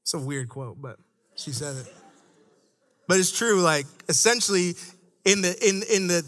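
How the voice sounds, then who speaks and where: Animated high-voiced male preacher. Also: moderate pace. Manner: conversational and animated, shifting between low asides and raised emphasis. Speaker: church staff speaker. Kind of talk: sermon.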